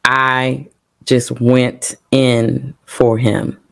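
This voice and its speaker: A woman's voice: very deep voice, level tone, very slow, creaky. A middle-aged woman sharing an emotional personal testimony on a talk show, full of fillers and trying not to cry. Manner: emotional, holding back tears, many fillers. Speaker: podcast guest sharing testimony.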